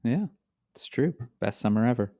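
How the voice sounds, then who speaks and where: A man's voice: mid-range voice, expressive, moderate pace, mellow. A man co-hosting a podcast from a hotel room over a video call, talking in a dry, wry way with short reactions. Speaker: podcast co-host. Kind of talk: casual comedic chat. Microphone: handheld mic on a video call.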